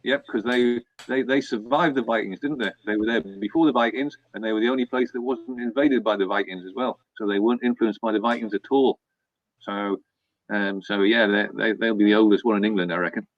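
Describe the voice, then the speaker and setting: A man's voice: fairly low pitch, fairly even intonation, brisk, dry recording. A man with a Geordie accent, speaking hesitantly and thoughtfully in casual stream banter. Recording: dry, dull-sounding mic.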